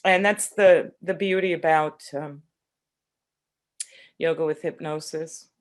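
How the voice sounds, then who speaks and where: A woman's voice: deep voice, fairly even intonation, slow. Woman guest teacher, earnest, playful, heartfelt, video call. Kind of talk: heartfelt online chat.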